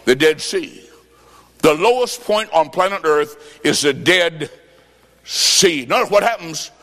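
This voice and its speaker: A man preaching a revival sermon, fervent, with shouted bursts and stories told in quoted dialogue. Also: a little high, expressive, slow pace. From US Midwest. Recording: long reverb of a large hall.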